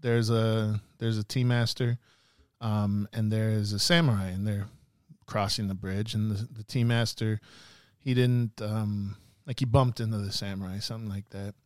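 A man's voice: lowish voice, steady tone, normal speed, no room sound, studio quality. A man, a podcast guest, musing and retelling a martial arts story in a loose, profane way. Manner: rambling, many fillers and restarts, casual profanity. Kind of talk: casual podcast talk and storytelling.

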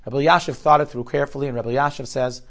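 A man telling a story in a sermon, earnest and dramatic, often dropping to a hushed voice before building to forceful emphasis. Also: medium pitch, steady tone, racing.

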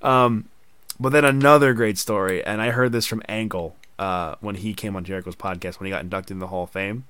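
A man's voice: lowish voice, fairly even intonation, brisk, a bit bright, clean tone, no echo. A man hosting a casual podcast chat, telling stories animatedly and acting out quoted voices. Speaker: podcast host.

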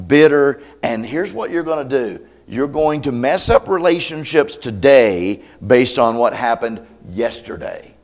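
A man pastor preaching a sermon at a camp meeting, conversational and candid, with self-deprecating humor. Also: mid-range voice. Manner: conversational, acts out quoted voices.

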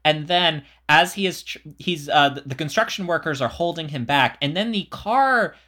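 A man co-hosting a podcast, chatting casually about a movie in a wry, halting way full of fillers. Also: fairly high pitch, animated, sharp tone. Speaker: podcast co-host. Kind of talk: casual movie-riffing chat.

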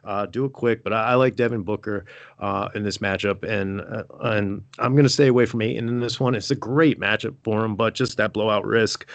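A man giving fantasy basketball picks in casual, halting speech full of ums and uhs. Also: fairly low pitch, gravelly, fairly bright tone, dry recording.

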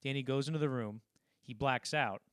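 A man on a podcast walking through film scenes at length, rambling and slipping into quick impressions of the characters. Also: mid-range voice, clear, resonant tone, no echo, studio quality. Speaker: podcast co-host. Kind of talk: casual film discussion.

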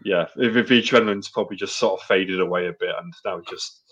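A man's voice: low-pitched, fast, fairly bright tone, breathy edge. A man co-hosting a wrestling podcast in casual chat, blunt and sweary, rambling with lots of fillers. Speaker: podcast co-host. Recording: dull lo-fi podcast audio.

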